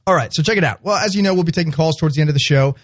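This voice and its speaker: A man's voice: fairly high pitch, very fast. A young man co-hosting a podcast in an upbeat, casual chat, laughing often. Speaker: podcast co-host.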